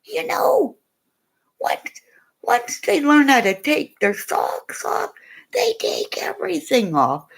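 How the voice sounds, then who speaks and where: An older woman chatting casually to her viewers, telling animated stories full of exclamations and swearing. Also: high voice, slow pace, vocal fry. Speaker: vlogger. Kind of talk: casual chat.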